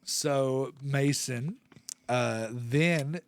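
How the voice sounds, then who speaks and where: A man's voice: medium pitch, extremely slow, dry recording. A man co-hosting a comedy podcast, telling a rowdy story with laughter and acted-out quotes. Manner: animated, laughing storyteller who acts out quotes. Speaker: podcast co-host. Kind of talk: casual storytelling chat.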